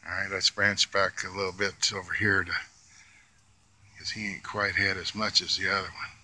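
This vlogger's voice sits low and level, pushed and bright, moving at a normal speed. He's outside in a yard feeding squirrels, keeping up a folksy running patter of sweet, drawling coaxing, with a little outdoor noise audible.

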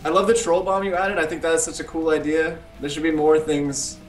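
A man's voice: a little high, flat delivery, a little fast, soft background music. A British man co-hosting a casual gaming chat, chatty and teasing. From Britain. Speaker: co-host.

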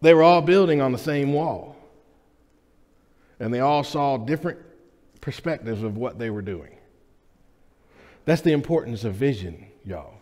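A man's voice: mid-range voice, expressive, measured pace, long pauses, a little mellow. A man preaching a sermon to his congregation in a conversational, joking way, often checking in with the room. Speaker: pastor. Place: church sanctuary. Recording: reverberant church hall.

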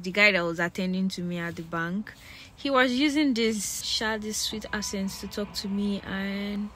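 A woman's voice: mid-range voice, a bit bright, slight background noise. A young woman with a Nigerian accent, chatting casually to her phone camera outdoors in the cold, with lots of fillers and laughs. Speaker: vlogger. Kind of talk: casual vlog chat.

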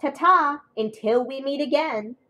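A woman's voice: high voice, unhurried, pushed and bright, pitched above the performer's own voice, low-quality recording. A woman voicing a vain, cheerful male steam engine who gushes and boasts, in a storybook tale. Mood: chirpy. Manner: chirpy, gushing, boastful.

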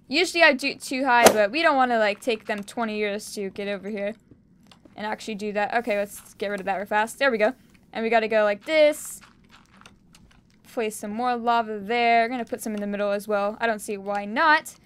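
A young woman giving excitable gameplay commentary, cheering and shrieking as she plays. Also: a little high, smooth. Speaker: gaming YouTuber.

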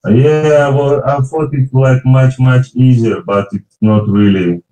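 A man with a Russian accent, a native Russian speaker, talking in halting casual English and swearing now and then. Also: medium pitch, steady tone, warm tone. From Baltic states. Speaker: video chat stranger. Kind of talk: casual video chat. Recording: echoey, far from the mic.

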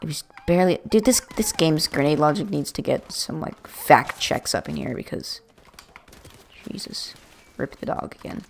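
A woman with a very low, gravelly voice rambling through let's-play commentary. Her pitch swings widely as she jokes at her own expense, recorded close on a USB desk mic. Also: expressive, normal speed, slight background noise. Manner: chatty, rambling, self-mocking jokes. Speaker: gaming video creator. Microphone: USB desk microphone.

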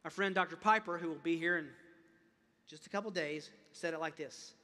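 A male pastor preaches in a high, bright, ringing voice. He is impassioned, often doubles back on his words and then climbs to loud, emphatic peaks. His voice carries the long reverb of a large sanctuary. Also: fairly quick. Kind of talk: sermon.

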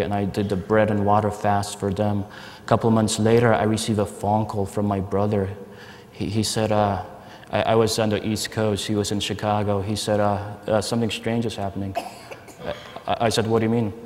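Young male conference speaker, low-ish voice, earnest testimony with stammered repeats, long hall reverb. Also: little pitch movement, brisk, a little mellow. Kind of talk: personal testimony talk.

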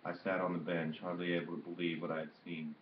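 Deep-voiced man reading a novel aloud. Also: little pitch movement, quick pace, slight background noise. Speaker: audiobook reader. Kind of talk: literary audiobook narration. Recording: dull roomy home recording.

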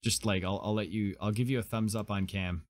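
A man, a game streamer in casual live-stream chat, gushing and excitable, with faint music behind him. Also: on the low side, fairly quick. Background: faint anime music.

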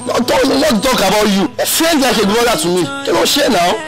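Loyal young Nigerian man, high-pitched, soothing friend, music underneath. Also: animated, fairly quick, poor audio. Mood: pleading. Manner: soothing, mixes Yoruba and English. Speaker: film character. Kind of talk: Nollywood film acting. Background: film score.

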